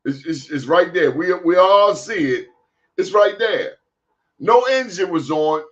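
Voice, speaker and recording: A man hosting a talk show, telling stories in a casual, colloquial, animated way. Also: sits high, unhurried. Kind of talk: casual storytelling chat. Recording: dull lo-fi sound.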